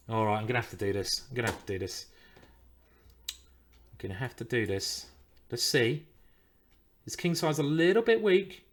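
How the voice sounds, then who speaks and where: A man talks through a live chess game in a middle-pitched voice, thinking aloud and cursing his blunders. His manner is loose and conversational, with plenty of groaning. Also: a bit bright. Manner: thinks aloud, swears and groans over moves. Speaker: chess streamer.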